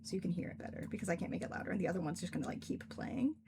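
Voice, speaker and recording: A woman's voice: fairly low pitch, expressive, racing, gravelly, noisy background. A young woman author chatting casually on a stream with a friend, laughing often. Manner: giggly, chatty, lots of laughing.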